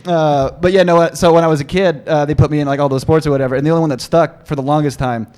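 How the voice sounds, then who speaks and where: A man's voice: fairly high pitch, steady tone, rapid-fire, a little mellow, smooth. A young man, a comedian, chatting casually in a studio, riffing self-deprecating jokes with stammering restarts. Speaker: comedian guest.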